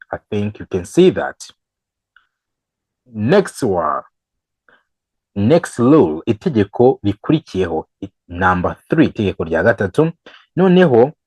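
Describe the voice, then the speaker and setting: A man teaching English grammar, switching between English and Kinyarwanda and repeating each example slowly. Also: on the low side, darkish tone, husky, dry recording, low-quality recording. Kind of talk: bilingual grammar lesson.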